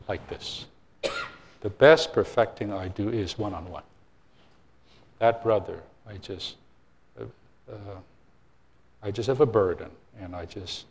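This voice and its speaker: An older man preaches to a congregation in a loose, storytelling way, often pausing on fillers and restarting his sentences. His voice sits fairly low, and he pokes fun at himself as he speaks. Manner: anecdotal, self-deprecating, frequent fillers and restarts. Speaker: church minister. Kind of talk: informal sermon talk.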